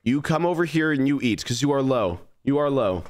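A man's voice: medium pitch, expressive, a little fast. A young man streaming a game, animatedly bossing his creatures around as he plays. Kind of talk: live gameplay commentary.

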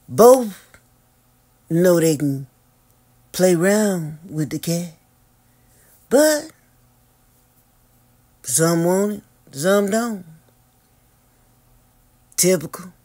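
A host giving sassy gossip commentary, drawling and teasing, with sudden high squeals and long hums. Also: a little mellow.

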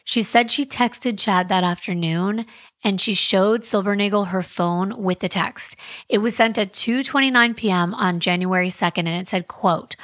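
Woman, podcast host, true crime retelling, emphatic, conversational, middle pitch, dry close mic. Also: moderate pace, fairly bright tone, dry recording. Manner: conversational, emphatic, wry asides.

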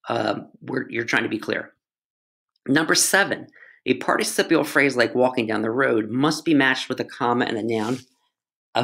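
A man's voice: mid-range voice, vocal fry. A man tutoring English, explaining grammar in a casual, playful way with jokes and asides to his students.

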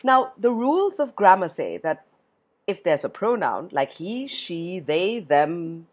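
A woman tells a rhyming story to children in a slow, unhurried reading. Her voice rises and falls dramatically as she stops to ask her young listeners questions. Her tone is slightly husky. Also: fairly low pitch. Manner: expressive, asks listeners questions. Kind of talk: reading a poem aloud to children.

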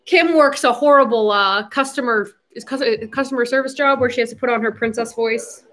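A woman's voice: a little high, brisk, a bit bright. A young adult woman hosting a casual livestream, chatty and giggly, slipping into baby talk with her puppy. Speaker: livestream host.

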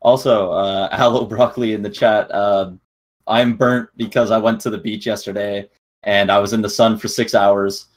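A man's voice: on the low side, little pitch movement, moderate pace. A young man co-hosting an esports podcast, laid-back and joking, reading out chat and giving match rundowns. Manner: laid-back, laughing, bro-talk. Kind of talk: casual chat.

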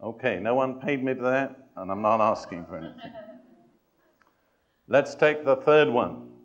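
Male preacher, sermon, emphatic, measured pauses, dry humor, challenges listeners, middle-pitched voice. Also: expressive, muffled recording. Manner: addresses and challenges the congregation directly.

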